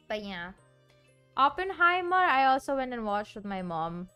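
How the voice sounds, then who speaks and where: A young woman streamer talks in loose, casual chat, her voice sitting a little high. She rambles and giggles as she goes, filling gaps with "like". Soft music plays faintly behind her. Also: very animated, moderate pace, smooth. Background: soft background music.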